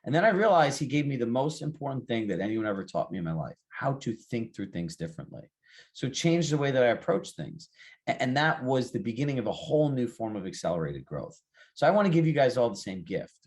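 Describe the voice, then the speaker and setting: A man's voice: mid-range voice, very animated, brisk, a little mellow. A man coaching agents in a live group session, firing rhetorical questions and calling on people by name. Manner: calls on participants by name. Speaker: real estate coach.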